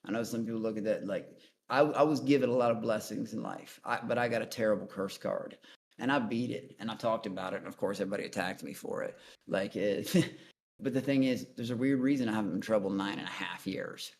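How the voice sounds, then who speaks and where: A man's voice: fairly low pitch, a little fast, a little hiss or hum. Blunt, profane man telling a story. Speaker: guest. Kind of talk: casual call-in show storytelling. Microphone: online voice chat.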